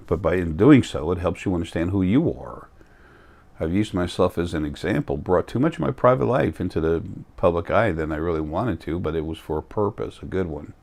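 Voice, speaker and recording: Male vlogger, very low voice, blunt and rambling, sounds tired, casual monologue. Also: fairly quick, creaky, a little mellow.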